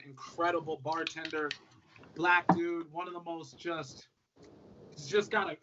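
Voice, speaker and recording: Laid-back man with a slightly high voice. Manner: relaxed, upbeat, lots of fillers. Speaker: whiskey brand ambassador, guest. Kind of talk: casual conversational storytelling. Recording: dull lo-fi audio with faint noise.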